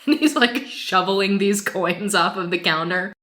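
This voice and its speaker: A woman co-hosting a podcast, telling a self-deprecating anecdote in an animated way and laughing often. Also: mid-range voice, measured pace. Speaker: podcast co-host.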